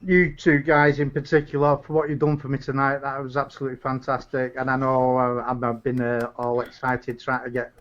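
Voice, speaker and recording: Excitable Salford man on a muffled line. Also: mid-range voice, fairly quick, few pauses, slight background noise. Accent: Salford, England. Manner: excitable, cuts in on others. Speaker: co-host. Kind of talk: casual live-stream chat.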